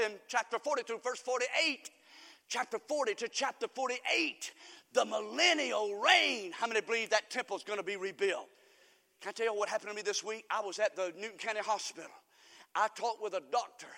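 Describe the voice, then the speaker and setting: A man preaching a sermon as pastor, switching from shouted declarations to low, confiding asides. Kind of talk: fiery sermon. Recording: long hall reverb.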